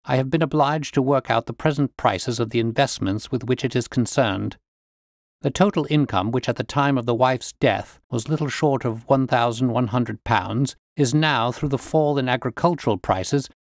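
A man's voice: mid-range voice, normal speed, no echo, studio quality, lightly acted. A man doing an unflappable, dryly witty detective. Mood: cool. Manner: cool, bland, dryly amused.

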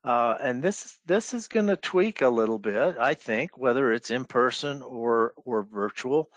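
A man moderating a business webinar who speaks in a measured way, sums up the points and hands questions to the panelists over a video call. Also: mid-range voice, animated, dry recording.

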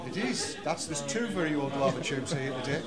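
A man's voice: a little high, lively intonation, fairly quick. A man chatting and joking with people while holding a microphone in a pub. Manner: jokey, teasing, chatty. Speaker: roving interviewer at a meetup. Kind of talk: casual vox-pop chat. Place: busy pub. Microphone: handheld microphone. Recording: pub crowd chatter behind.

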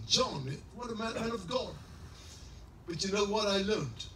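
A middle-aged pastor preaching a sermon in a high, bright, ringing voice, often climbing into shouted, sing-song exclamations. He sounds some distance from the mic in an echoey hall, with a faint hum of room noise behind him. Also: expressive, unhurried. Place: church service in a large greenhouse hall.

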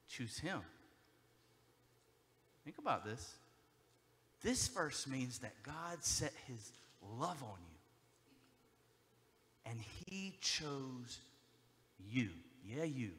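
A man preaching a sermon as a pastor, moving between hushed, intimate passages and loud, driving emphasis, speaking from a church stage. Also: mid-range voice, big-room sound. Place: church sanctuary.

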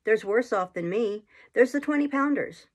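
A woman's voice: fairly high pitch, lively intonation, moderate pace. A woman voicing a boastful, half-witted young male cabin boy with a bragging swagger.

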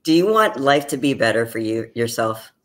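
A man, a therapist, asking calm, probing questions in a casual talk show. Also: mid-range voice, moderate pace.

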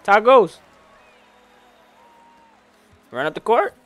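Bright-voiced young man giving game tips. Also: high voice, quick pace, no room sound, soft background music. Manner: excited, slangy, talks to the game as he plays. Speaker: gaming YouTuber. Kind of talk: casual gameplay commentary.

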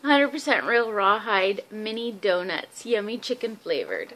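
Young woman, vlogger, casual unboxing chat, excitable, gushing, phone recording, faint background noise. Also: mid-range voice, unhurried, few pauses. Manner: excitable and gushing, many fillers. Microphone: phone camera.

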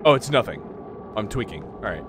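A young man streaming a horror game, muttering to himself and yelling in fright. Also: lowish voice, very animated, a little fast, noisy background. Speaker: gaming streamer. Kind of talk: horror game playthrough commentary.

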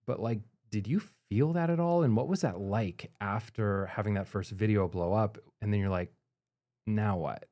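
A man hosting a podcast, reflecting in a measured way and asking open questions. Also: on the low side, mellow. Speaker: podcast host. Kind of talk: conversational interview.

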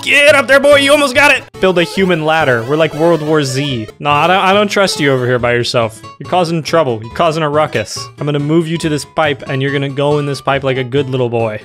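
A young man riffs through a co-op platformer, joking and bursting into exaggerated yells at his teammates. His voice sits a little high for a man. Loud game music plays underneath him the whole time. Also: animated, normal speed. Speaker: gaming YouTuber. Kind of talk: let's play commentary.

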